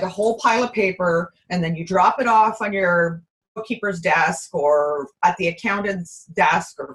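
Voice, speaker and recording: A woman guest in a casual interview, upbeat and chatty, her voice a little hoarse. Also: mid-range voice, fairly bright tone, poor audio. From Canada. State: slightly hoarse. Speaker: guest presenter, bookkeeper.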